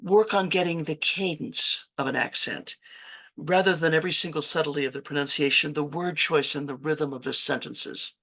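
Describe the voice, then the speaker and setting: A woman's voice: low voice, normal speed, bright, forceful tone. A woman from Virginia giving a conversational writing workshop lecture, often correcting herself mid-sentence and adding chatty asides. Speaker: writing instructor.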